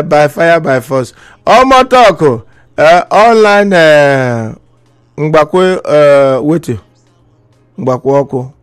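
A Nigerian man with a Nigerian Pidgin accent, hosting a live-stream comedy show as a mock preacher, reading viewer comments and laughing often between lines. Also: medium pitch.

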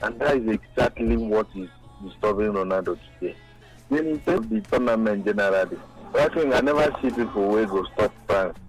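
A man's voice: lowish voice, fairly quick, soft background music, rough recording. A man with a Nigerian accent calling in to a radio show, giving rambling opinions on football. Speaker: caller. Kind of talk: casual phone-in opinion.

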